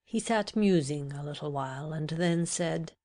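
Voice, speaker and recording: Low, gravelly woman narrator. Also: unhurried, a little mellow. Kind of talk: scripted audiobook narration.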